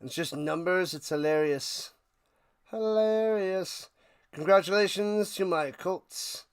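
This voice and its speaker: A man hosting a live watch party, calling plays casually and chatting with viewers, bursting into loud hype on big plays. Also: a little high, measured pace, clean tone. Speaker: watch party play-by-play host. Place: home room, his man cave.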